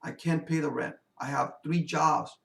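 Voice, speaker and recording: A tired, insistent mother presses her point, as a man puts her on while telling a story. The voice is gravelly and a little raised, heard from some distance in an echoing room. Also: fairly high pitch, steady tone, unhurried, fairly bright tone, heavily acted. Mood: pleading. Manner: pleading, insistent. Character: worried hard-working mother, middle-aged, insistent.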